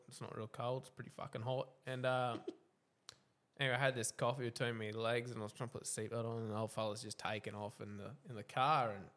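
A young Australian man tells a long, rambling story on a relaxed podcast. He is easygoing and crude, swears often, and laughs at his own bad luck. His voice sits at an ordinary middle pitch. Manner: laid-back, swears freely, laughs through his stories. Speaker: podcast co-host. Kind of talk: casual storytelling.

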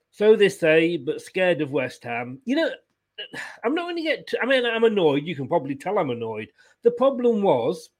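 A man hosting a fan post-match review, blunt and frustrated, swearing about his team's loss. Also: high-pitched. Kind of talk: casual chat.

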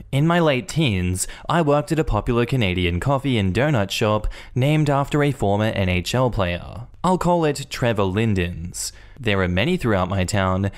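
A man narrating online stories aloud in an even, conversational reading manner. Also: on the low side. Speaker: story narrator.

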